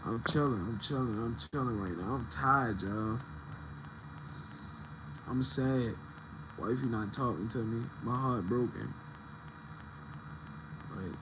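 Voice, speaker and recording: A man's voice: mid-range voice, background noise. A man casually chatting to viewers on a livestream, loose and profane, joking about his heartbreak.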